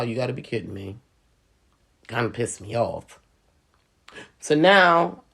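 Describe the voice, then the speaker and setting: A middle-aged woman and sales professional, chatting casually and telling a story in an animated way, with lots of "you know.". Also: rumbling low, gravelly, breathy edge. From Hispanic and Native American heritage, US. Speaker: school speaker, sales professional.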